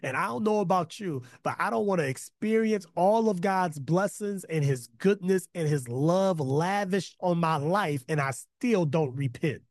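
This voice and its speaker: A man preaching in a casual, energetic style to an online chat, breaking off into slangy asides and building to emphatic repetition. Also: high-pitched, unhurried, hardly any pauses, dry recording, studio quality. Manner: conversational slang, self-interrupting asides. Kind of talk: online sermon with chat interaction. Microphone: close mic, video call.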